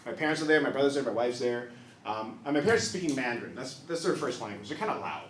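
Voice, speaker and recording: A man's voice: medium pitch, animated, quick pace, fairly bright tone, slight background noise. A man from Taiwan performing a stand-up set in a comedy club, chatty and punchy in his delivery. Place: improv comedy club, live audience. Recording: echoey club, mic at a distance, audience laughter.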